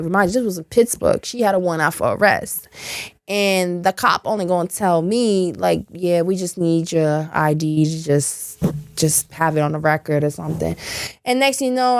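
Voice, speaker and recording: A woman's voice: medium pitch, dry recording, clean studio sound. A young adult woman, a podcast guest, telling a story casually with lots of swearing and laughter. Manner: profane, animated, frequent laughter. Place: podcast studio.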